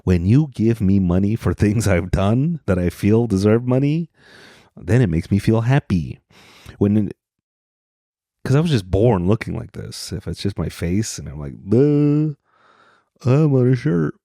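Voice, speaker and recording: Male podcast host from Utah, low voice, mellow tone, rambling self-deprecating comedy monologue, dry close sound. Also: animated, normal speed, dry recording.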